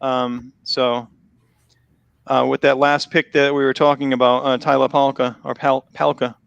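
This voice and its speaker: A man with a Boston accent hosting a live football draft stream, chatty and quick to laugh, starting to lose his voice. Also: mid-range voice, flat delivery, gravelly, a bit bright, clean tone, no echo, muffled recording. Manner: chatty, laughs often, restarts phrases. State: losing his voice. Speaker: host. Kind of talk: casual live draft commentary.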